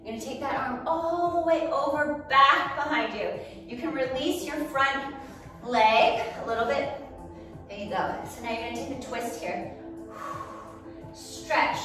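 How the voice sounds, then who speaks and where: A woman's voice: high voice, measured pace, pushed and bright. A woman fitness instructor leading an exercise class, counting reps aloud and encouraging, a little out of breath. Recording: echoey room, distant mic, faint music.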